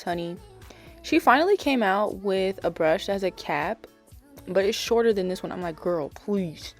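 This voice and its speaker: A young woman who vlogs about nail art chats casually over a voice-over, rambling with lots of fillers and self-corrections. Her voice is lowish with a darkish tone.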